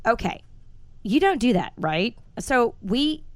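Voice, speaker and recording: A woman in her forties hosting a casual podcast, telling stories in a blunt, animated way and swearing freely. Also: a little high, takes it slowly, no room sound. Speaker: podcast host.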